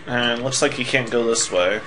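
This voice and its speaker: A man's voice: medium pitch, normal speed, pushed and bright, a little hiss or hum. Sarcastic young man playing a game. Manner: sarcastic, swearing, tired. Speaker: let's player. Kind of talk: casual game commentary.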